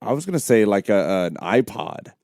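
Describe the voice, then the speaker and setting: A man co-hosting a podcast, making hesitant, halting guesses and dry jokes in casual banter. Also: on the low side, very animated, creaky, darkish tone, no echo. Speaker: podcast co-host.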